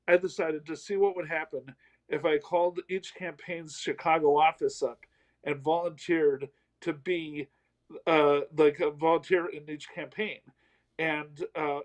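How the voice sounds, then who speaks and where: In this poor-quality audio, a comedian guest with a slightly high voice shares a story at his own expense in a relaxed interview. He's a middle-aged man from the American South.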